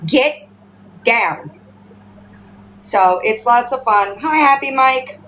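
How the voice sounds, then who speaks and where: A woman chatting casually on a home livestream, rambling and swearing, and breaking into high baby-talk with her pets. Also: measured pace, a bit bright, a little hiss or hum, poor audio. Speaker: livestream host. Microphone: phone.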